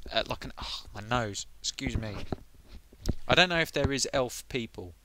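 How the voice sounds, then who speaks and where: A man's voice: medium pitch, animated, normal speed, sharp tone, a little hiss or hum. A man chatting on a live stream who is a bit under the weather, rambling and muttering to himself as he gets sidetracked. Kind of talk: casual live stream chat.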